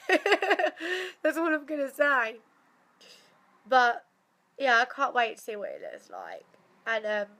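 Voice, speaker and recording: A woman's voice: on the high side, a bit bright. A young woman chatting casually to camera with a badly blocked nose, swearing freely and laughing often. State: blocked nose after surgery. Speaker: vlogger.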